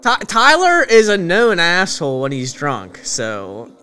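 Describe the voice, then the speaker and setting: A man's voice: sits high, huge pitch swings, measured pace, pushed and bright, clean tone. A man in casual chat among friends, teasing and often laughing.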